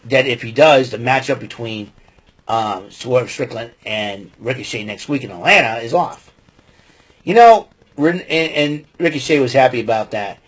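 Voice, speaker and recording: Husky-voiced man recapping wrestling. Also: medium pitch, animated, normal speed. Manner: rambling and opinionated, heavy on fillers. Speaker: podcast host. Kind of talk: casual wrestling show recap.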